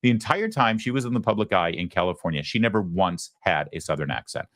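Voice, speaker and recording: A man's voice: low-pitched, big pitch swings, fast, fairly bright tone, no room sound, clean studio sound. A man hosting a show, giving opinionated political commentary with frequent stammered restarts. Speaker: host.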